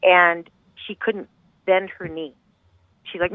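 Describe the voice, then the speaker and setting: A woman's voice: fairly low pitch, steady tone, takes it slowly, no room sound. Middle-aged woman on a tinny phone line. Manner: intense, rambling, heartfelt. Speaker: guest, bereaved mother. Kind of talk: emotional personal storytelling. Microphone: phone call.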